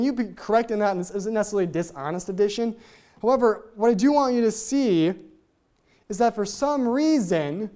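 A Bible teacher going through a passage verse by verse, talking very fast, tripping over words and repeating key points for emphasis. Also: mid-range voice, mellow. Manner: talks very fast, trips over own words.

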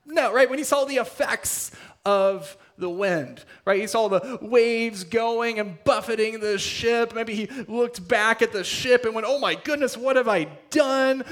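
Guy preaching, kinda high voice, gets loud then drops to near whispers. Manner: dramatic, swings between loud emphasis and hushed near-whispers. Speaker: pastor. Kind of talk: sermon.

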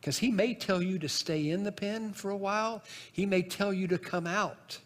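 A man's voice: sits high, normal speed, in a large hall. A man preaching a sermon as pastor in a church, in a conversational, folksy way with asides and restarts, from the northern United States.

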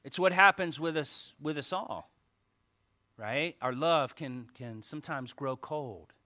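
A male pastor preaching a lively sermon, joking with the congregation and reading scripture aloud. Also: on the high side, slow. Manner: animated preaching with asides and jokes to the congregation.

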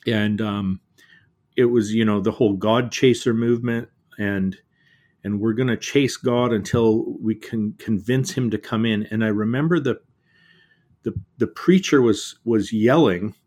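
A middle-aged man, an author invited as a guest, reflects earnestly in conversation, halting often and repeating words. His voice is lowish and a little mellow.

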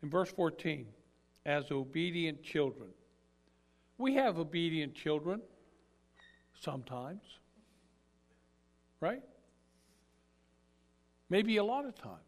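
A man preaching a sermon as an animated storyteller who acts out the characters as he goes. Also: fairly high pitch, slow, long pauses.

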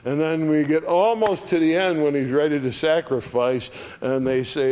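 Man, bible study teacher, slow unhurried delivery, conversational, acts out quotes. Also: mid-range voice, a little mellow.

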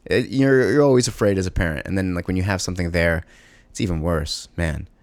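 A man with a low, deep voice speaks haltingly about being a parent, circling back with fillers and restarts. The sound is dry and close, with no room around him. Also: dry recording. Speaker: parent of a young child. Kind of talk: personal monologue.

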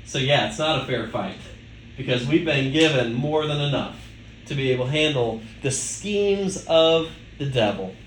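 A man's voice: mid-range voice, lively intonation, moderate pace, a little hiss or hum. A male pastor preaching a sermon in a conversational way, asking the listeners rhetorical questions. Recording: echoey room with faint ambience.

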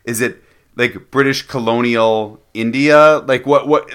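A man co-hosting a podcast, chatting casually about movies, opinionated and quick to laugh. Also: mid-range voice, steady tone, a bit bright, clear, resonant tone. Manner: laughing, opinionated, stammers on restarts. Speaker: podcast co-host. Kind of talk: casual movie review chat.

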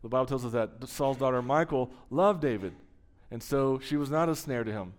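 A pastor preaching a sermon, telling a story with emphasis and slowing down for dramatic pauses. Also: male voice, medium pitch.

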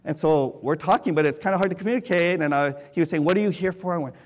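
Male preacher from California, fairly high voice, lively sermon storyteller with big loud-soft swings. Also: fast. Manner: animated, swinging from loud excited bursts to quiet hushed tones.

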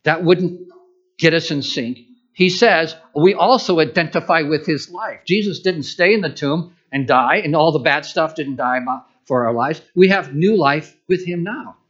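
A male pastor delivers a conversational sermon with a slightly raised pitch. He often asks rhetorical questions and acts out his own inner dialogue. The sound is muffled and lo-fi, like a church recording. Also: moderate pace, a bit bright.

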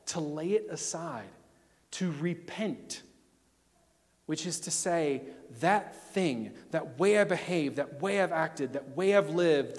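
A pastor with a voice a little higher than most men's delivers an emphatic sermon, swinging between loud declarations and quiet passages. Each phrase trails off in long reverb, as though spoken in a large hall.

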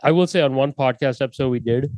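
A man's voice: medium pitch, fast, a little mellow, no room sound. A young man co-hosting a podcast, telling rambling stories in a laid-back way. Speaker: podcast co-host. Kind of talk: casual chat.

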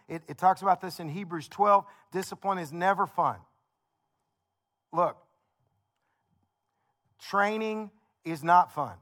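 A man's voice: high-pitched, a bit bright. A male pastor preaching a sermon in a conversational, story-telling way, building points with repeated phrases.

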